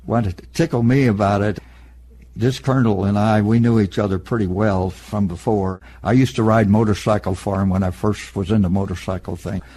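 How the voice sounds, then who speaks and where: An elderly man in an oral history interview, recalling past events in a plain, matter-of-fact storytelling way with a husky voice. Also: on the low side, steady tone, moderate pace, warm tone. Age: older. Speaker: interviewee, veteran.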